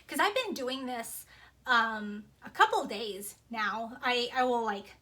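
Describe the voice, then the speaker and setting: A woman's voice: on the high side, animated, slow pace, bright, forceful tone. A young woman vlogger casually telling a rambling story to camera, with many fillers and restarts. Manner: chatty, rambling, lots of fillers.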